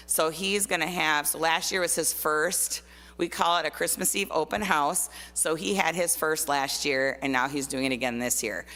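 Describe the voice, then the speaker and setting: In a church hall with long, trailing reverb, a guest artist from Minnesota, a middle-aged woman with a low, pushed, bright voice, chats casually about her personal stories and uses lots of fillers.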